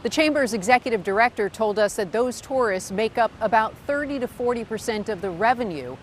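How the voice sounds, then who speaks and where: A woman news reporter delivering a report on location in a steady, scripted way. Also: a little high, a little fast, slight background noise.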